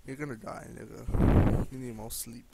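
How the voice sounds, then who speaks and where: A man's voice: medium pitch, a little slow, gravelly. A young man talking casually to the camera late at night, loose and profane, half talking to himself. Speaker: vlogger. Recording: loud background noise.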